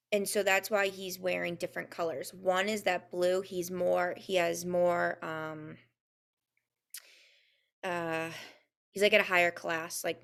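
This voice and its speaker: A young woman giving a casual spoken intuitive reading, halting and full of ums, sometimes spelling words out. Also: on the low side, gravelly, a bit bright. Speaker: intuitive reader and co-host.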